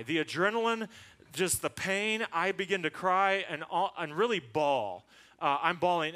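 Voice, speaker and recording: A man preaches to his congregation, weaving a personal story into his sermon. His voice is bright and forceful, sitting a little high for a man. He drops into a lower voice whenever he quotes someone. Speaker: pastor. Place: church.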